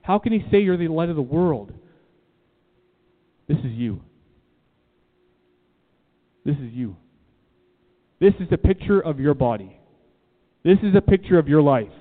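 A man's voice: on the high side, expressive, fairly quick. A man preaching a sermon to a room, emphatic and repeating key phrases, asking the listeners questions. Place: church room. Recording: tinny phone-like sound, long reverb.

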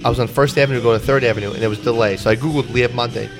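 A man hosting a podcast in a bar, chatting casually in an excitable, rambling way. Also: medium pitch, rapid-fire, music in the background. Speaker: podcast host. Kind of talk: casual chat. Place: bar, next to restroom.

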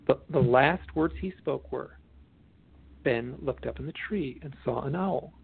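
A man, an author and guest expert, telling a story in an animated, rambling way with many restarts. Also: medium pitch, a little slow, gravelly, slight background noise. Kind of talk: storytelling interview chat. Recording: tinny phone line.

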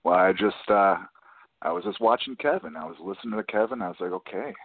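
A low, husky-voiced man, an actor guest on a podcast who rambles loosely and pokes fun at himself. The sound is tinny and phone-like, with no room echo. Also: very animated, quick pace. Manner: loose and self-deprecating, many fillers. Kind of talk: podcast interview.

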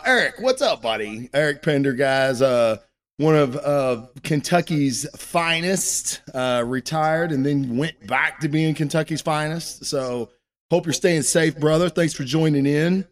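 On his own comic book show, a man chats in a loose, rambling live-stream style, cussing plenty. His voice sits on the high side, animated but unhurried.

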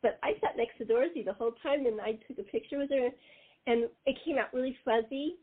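A woman hosting an interview, telling a story in a halting, chatty way with fillers and frequent laughs. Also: high voice, husky. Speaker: podcast host. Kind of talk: casual interview chat. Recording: phone-like narrow-band line.

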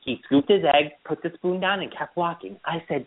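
A man's voice: a little high, normal speed, hardly any pauses. A man hosting a podcast in casual chat, telling stories with lots of laughter. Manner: animated storyteller, laughs often. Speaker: podcast host. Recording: phone-like narrow band.

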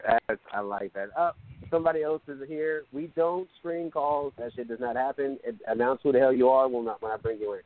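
A man's voice: mid-range voice, fairly quick. A man hosting a casual online radio show, bossy and teasing, laughing easily, heard over a phone line. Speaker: show host. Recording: tinny phone line, dry.

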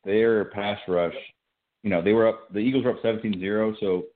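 A man co-hosting a sports talk show, adding short, measured comments. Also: fairly low pitch, fairly even intonation, narrow, tinny audio.

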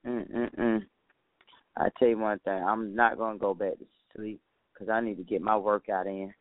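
A man's voice: fairly low pitch, level tone, normal speed, dry recording. A man hosting his own talk show in a casual, folksy monologue, chatting to listeners and calling them honey, a little tired. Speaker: show host. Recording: tinny phone-like line, dry.

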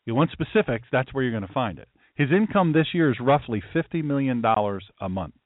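A man's voice: medium pitch, very animated, a little fast, dry recording. A man hosting a political talk show as a pastor, ranting emphatically and telling stories. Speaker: host, pastor. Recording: tinny phone-like line, dry.

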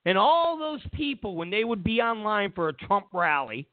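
A man's voice: sits high, big pitch swings, moderate pace, no room sound. A man hosting a talk show, delivering a heated, mocking political monologue full of repeated phrases. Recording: tinny phone-like sound.

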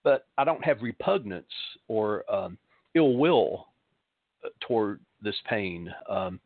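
A middle-aged man, a pastor hosting a show, giving a reflective spiritual talk in a halting way, pausing often and repeating words. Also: on the low side, expressive, no room sound. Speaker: pastor and podcast host. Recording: dry, narrow phone-like sound.

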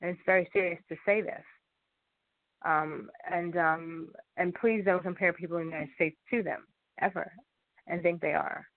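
A man's voice: sits high, fairly even intonation, normal speed, no room sound. A man talking in a rambling casual monologue, often repeating himself and restarting sentences. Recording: tinny phone-like sound, dry.

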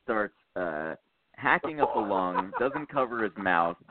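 A man's voice: fairly low pitch, lively intonation, measured pace, background noise. A man in casual podcast chat, telling a story in a rambling way with many fillers. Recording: tinny phone-like dry sound.

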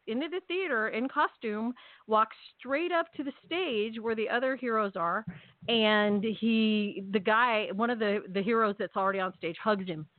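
A woman telling a long story in casual chat, animated and chatty, acting out her own lines. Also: mid-range voice, dry recording. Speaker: podcast co-host. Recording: tinny phone-like call audio.

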